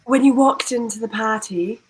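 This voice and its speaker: A woman's voice: on the high side, normal speed, breathy edge, poor audio. A woman playing a flirty party host in an improvised comedy scene, speaking in a suggestive, coaxing way. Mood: teasing.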